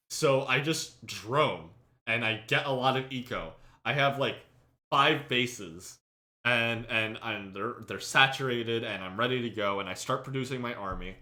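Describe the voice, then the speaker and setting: A man hosting a casual podcast and telling a gaming story with animated, acted-out quotes. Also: mid-range voice. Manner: animated, acts out friends' lines loudly, laughs. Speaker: podcast host and streamer.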